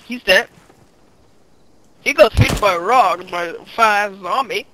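Gamer, casual play chat, foul-mouthed trash talk, middle pitch, noisy capture. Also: slow pace.

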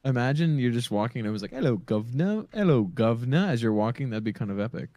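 A man's voice: mid-range voice, racing, mellow, no room sound. A man chatting on a voice call while gaming, playful and teasing. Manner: playful, teasing, sing-song intonation. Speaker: fellow player on voice chat. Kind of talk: casual voice chat.

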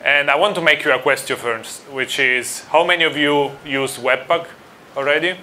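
A man's voice: a little high, normal speed, sharp tone, a little hiss or hum. A man from Italy with an Italian accent, giving a friendly conference talk to a live audience and asking them questions. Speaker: conference speaker.

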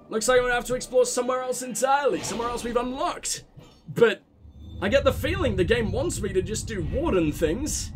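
A man's voice: sits high, slight background noise. A man commentating his own gameplay, flustered and swearing casually as he struggles. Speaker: gaming channel host.

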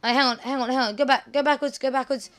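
Woman let's player; high, bright, sharp tone; chatty, excitable, apologetic. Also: quick pace. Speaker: let's play gamer. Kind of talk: casual gameplay commentary.

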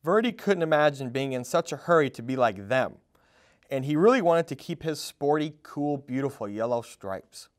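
A man reading a children's storybook aloud at a storytime, in an expressive, animated way. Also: medium pitch, normal speed. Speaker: storytime reader.

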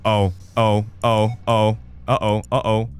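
A man streaming a party game with viewers, loud and laughing, swearing freely and swinging between shouts and mutters. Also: lowish voice, completely flat delivery, takes it slowly, clean tone, faint music behind. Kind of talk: casual gaming stream chat.

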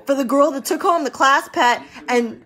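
A woman's voice: sits high, normal speed, a bit bright. A woman who runs a medical business, talking casually on a live stream, rambling and repeating words for emphasis.

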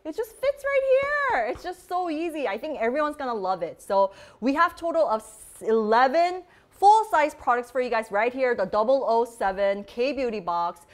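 A woman's voice: fairly high pitch, lively intonation, normal speed. A woman hosting a beauty vlog, chatting casually and bubbly while demoing products, with lots of "like" fillers. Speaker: beauty vlogger host. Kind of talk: casual live product demo chat.

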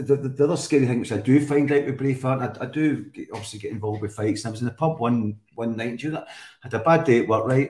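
A man's voice: medium pitch, darkish tone. A Scottish man chatting as a guest, telling stories in a rambling way with many restarts. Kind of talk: casual chat. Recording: roomy echo.

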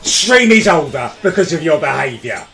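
A man's voice: fairly high pitch, very animated, moderate pace, creaky. Raging man swearing at his game. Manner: shouting, swearing, exasperated outbursts. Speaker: livestreamer. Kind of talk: raging live gameplay commentary.

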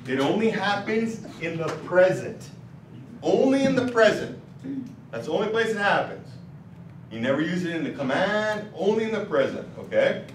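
In a roomy classroom captured from a distance with slight background noise, a man with a high-pitched, expressive voice gives a language lesson at a moderate pace. He explains vowels and word patterns, patiently quizzing his students along the way.

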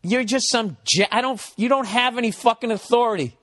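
A comedian in his forties from America, telling a story in an animated, exasperated way, swearing constantly. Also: extremely high pitch, a little fast, no room sound, clean studio sound. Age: 40s. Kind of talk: profane comic storytelling.

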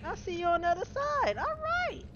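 Chatty woman streamer, high and lively. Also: brisk. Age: middle-aged. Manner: chatty, greets viewers by name, laughs often. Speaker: game streamer. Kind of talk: casual live-stream gaming chat. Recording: slightly dull home-stream audio with steady noise.

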